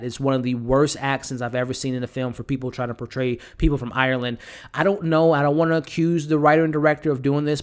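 A man giving a casual spoken film review in a conversational way, with lots of fillers and repeated words, and blunt in his criticism. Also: mid-range voice. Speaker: movie reviewer.

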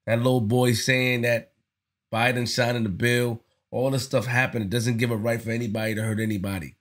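A man's voice: medium pitch, level tone, brisk. Earnest man giving slangy commentary. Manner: earnest, slangy, repeats himself. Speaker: vlogger. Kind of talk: casual spoken commentary.

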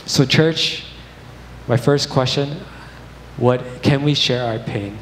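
A man's voice: medium pitch, takes it slowly, fairly bright tone. Young male preacher, candid storytelling sermon, roomy church echo, faint noise. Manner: candid, conversational storytelling with fillers. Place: church sanctuary.

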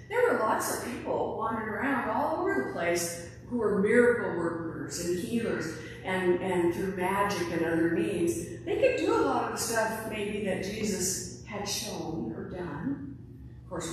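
A woman preaching a sermon in a relaxed, conversational way, now and then acting out quoted lines. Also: medium pitch, a little hiss or hum. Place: large echoey church. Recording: echoey church from far off.

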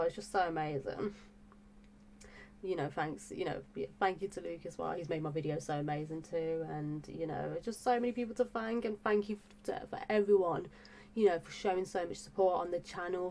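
A woman's voice: lowish voice, darkish tone, a little hiss or hum. A woman vlogging in a gushing, breathless way, full of fillers and repeated exclamations about her reaction channel. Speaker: music reaction YouTuber. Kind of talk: excited casual vlog talk.

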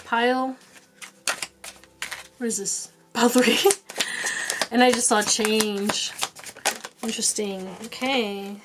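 A woman's voice: on the high side, steady tone, takes it slowly, pauses often, noisy background. A woman giving a casual pick-a-card tarot reading to her viewers. She talks directly and encouragingly, repeats short commands, swears casually and laughs at herself. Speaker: tarot reader.

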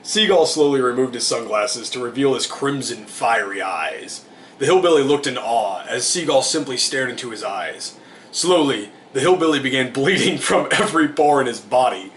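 A man's voice: medium pitch, animated, moderate pace, a bit bright, a little hiss or hum. A man reading an absurd comic story aloud, amused and giggling through it. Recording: roomy echo.

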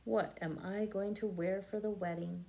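A woman's voice: mid-range voice, moderate pace, lightly acted. A woman reading a storybook aloud, voicing a mother calling out questions to her young daughter. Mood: sad.

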